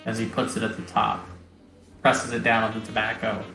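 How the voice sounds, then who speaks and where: A man narrating as game master of a tabletop game, descriptive and halting with many pauses. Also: lowish voice, monotone, gravelly, pushed and bright. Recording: roomy recording, faint music.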